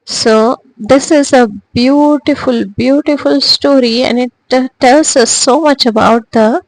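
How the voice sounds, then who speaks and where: A woman teacher, giving a recorded lesson slowly, with frequent hesitations and restarts. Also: sits high, rough recording. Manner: slow and deliberate, with frequent "uh" and restarts. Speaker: English teacher.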